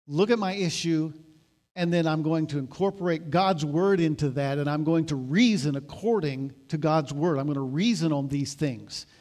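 A man preaching a sermon, moving between loud emphatic exhortation and calm explanatory teaching. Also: fairly high pitch. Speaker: pastor.

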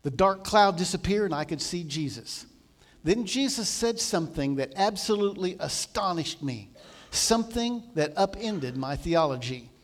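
A man preaching a sermon, retelling a story with animated delivery and quoting voices that swing from loud to hushed. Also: high voice, moderate pace.

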